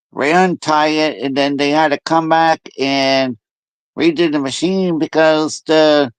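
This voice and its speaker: A man hosts a casual chat, telling stories with lively energy and slipping into other people's voices. His voice sits a bit high and sounds smooth. It is recorded close and dry, with no room sound. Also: no echo. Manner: animated storyteller who mimics other people's voices. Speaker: host.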